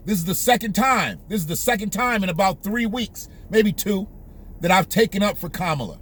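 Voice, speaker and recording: Male commentary host, very high and bright, heated profane rant. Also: lively intonation, moderate pace, long pauses. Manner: heated, profane, emphatic, repetitive.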